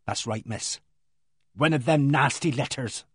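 A man voicing a housemaid who relishes bad news, speaking with dramatic gloom and knowing pauses. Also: medium pitch, slightly rough, no room sound, clean studio sound. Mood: gloomy relish.

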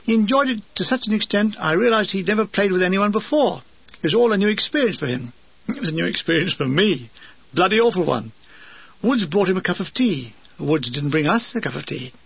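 A man narrating his war memoir with dry, deadpan comic asides. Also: sits high, brisk, vocal fry, slightly rough, dry recording. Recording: dull lo-fi dry recording.

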